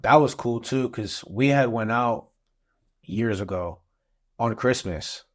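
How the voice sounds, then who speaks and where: A man, a father and guest on a podcast, telling a story in a casual, animated way and acting out what people said. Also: medium pitch, slow pace. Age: adult father of school-age kids. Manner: animated, acts out quotes in the story.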